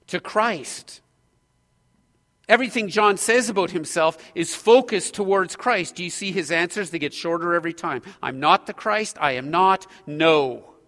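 A man's voice: sits high, a bit bright, long reverb tail. A man preaching an expository sermon, earnest and emphatic, pressing his points with growing intensity.

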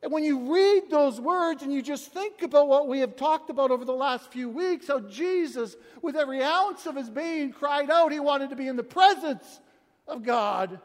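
A man preaching a sermon, quoting scripture with dramatic swings in loudness. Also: very high-pitched, lively intonation, normal speed, in a large hall. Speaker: pastor.

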